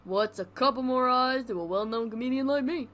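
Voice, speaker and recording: Woman doing a brash male cartoon dog comic, New York accent, loud and high-pitched showbiz patter. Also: fairly quick. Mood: wisecracking.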